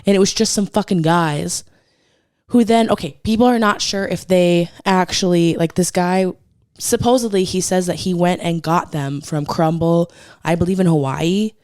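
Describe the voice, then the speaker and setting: A woman's voice: fairly low pitch, normal speed, a little mellow, no room sound, clean studio sound. A woman co-hosting a podcast, telling a story in a chatty, gossipy way and swearing freely as she talks. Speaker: podcast co-host. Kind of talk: casual chat.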